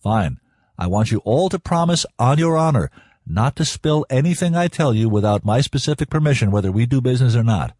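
A man voicing a calm young scientist who speaks evenly and with authority, in an audiobook. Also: medium pitch, dry recording, studio quality, close to an everyday voice. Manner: even, measured, commanding. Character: calm adult male young scientist, dryly humorous.

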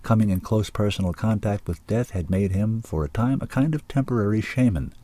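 Male audiobook narrator, deep and dark, dry close sound, measured. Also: no room sound.

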